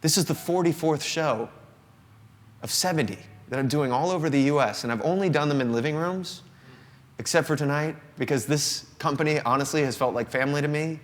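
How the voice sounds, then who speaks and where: A man's voice: fairly high pitch, brisk. Earnest man in his thirties, confessional. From Southern United States. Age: 30s. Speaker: singer-songwriter performing a live show. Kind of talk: confessional monologue to a live audience. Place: indoor company showroom with an audience. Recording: long reverb of a live room.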